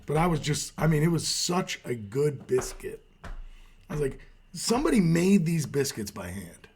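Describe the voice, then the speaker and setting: A man's voice: a little high, big pitch swings, moderate pace, darkish tone, slight background noise. A man co-hosting a casual sports talk show, telling a laid-back story and swearing casually. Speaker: co-host.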